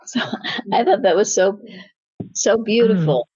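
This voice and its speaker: A woman's voice: mid-range voice, unhurried, pauses often, mellow, breathy edge. A woman giving an earnest, informal Bible teaching, often restarting her words. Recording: slightly dull lo-fi recording.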